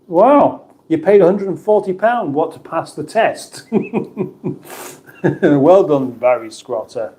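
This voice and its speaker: With a slightly high, expressive and warm voice, this middle-aged man from the UK speaks slowly with long pauses. He's hosting a casual livestream, chatting through viewer comments with banter and false starts.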